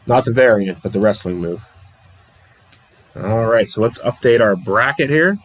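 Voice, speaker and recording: A man's voice: fairly low pitch, normal speed, long pauses, poor audio. Chuckling man calling a tabletop game. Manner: chatty, laughs often, self-deprecating. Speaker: streamer hosting a tabletop wrestling card game. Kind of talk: casual livestream play-by-play and chat reading.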